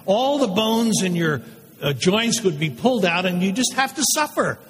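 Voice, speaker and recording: A man voicing a condemned male prisoner awaiting crucifixion, telling his story in a first-person dramatic monologue with intense pauses. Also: high voice, sing-song, breathy edge, exaggerated voice. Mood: somber. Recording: long hall reverb.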